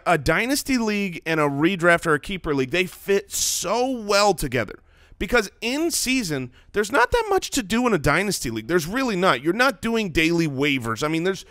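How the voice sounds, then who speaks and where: Animated man co-hosting a podcast. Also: on the high side, clean tone, dry recording, clean studio sound. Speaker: podcast co-host. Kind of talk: casual chat.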